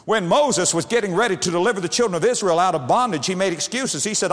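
A man's voice: expressive, fast talker, hardly any pauses, fairly bright tone. Dramatic preacher man in a big hall. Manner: dramatic, swooping pitch and volume, repeated phrases. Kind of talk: sermon.

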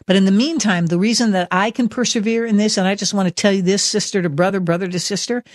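A man's voice: high-pitched, steady tone, fast, no room sound, clean studio sound. A man hosting a Christian talk radio show, delivering impassioned, preacherly commentary full of rhetorical questions.

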